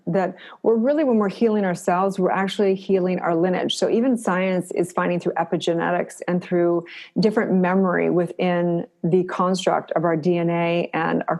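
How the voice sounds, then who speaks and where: A middle-aged woman answers interview questions in a low voice with plenty of vocal fry. She sounds earnest and encouraging. She often repeats a phrase to drive her point home. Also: a little mellow. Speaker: podcast guest.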